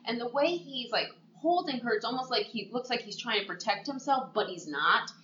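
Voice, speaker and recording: A woman's voice: normal speed, a little hiss or hum. A woman chatting casually as a podcast co-host, retelling a story and jumping into the characters' lines. She sits in an echoey room, and the recording sounds a bit dull and lo-fi. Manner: animated storyteller who acts out quotes in a higher voice. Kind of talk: casual chat recapping a TV movie.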